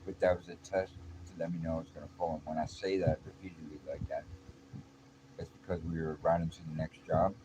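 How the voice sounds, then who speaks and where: A man telling a personal story in a casual, rambling and earnest way, with halting restarts. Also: a bass voice, fairly even intonation. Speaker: vlogger. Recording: noisy background.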